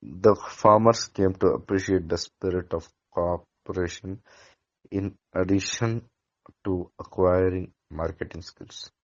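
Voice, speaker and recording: Brief: low-pitched man, student, reads a lesson slowly with stumbles, dull lo-fi recording. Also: fairly even intonation. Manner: halting reader with small slips and restarts. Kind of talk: reading a textbook lesson aloud.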